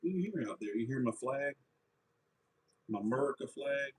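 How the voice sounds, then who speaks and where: A man's voice: mid-range voice, expressive, moderate pace, husky, low-quality recording. A man hosting a live stream from his workshop, chatting casually and rambling easily with viewers. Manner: easygoing, rambling, warm toward family.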